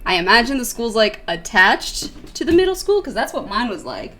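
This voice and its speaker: A woman's voice: a little high, big pitch swings, normal speed, bright, forceful tone. A chatty young woman streams a visual novel, reading narration and drifting into giggly, rambling asides. Her talk is loose and casual, aimed at viewers as she plays. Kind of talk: let's-play commentary and reading aloud.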